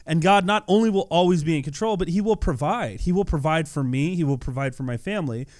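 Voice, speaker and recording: A man talks through a gameplay video with casual, earnest devotional commentary. His voice sits a little high for a man, and he often repeats words in his animated delivery. The recording is dry, with no room sound. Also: fast talker, no echo. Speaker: YouTuber.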